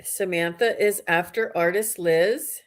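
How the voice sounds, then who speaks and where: Woman running a psychic livestream, lowish voice, chatty, reads out comments. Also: slow pace. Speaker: psychic reader and live-stream host. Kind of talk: live-stream chat with viewers.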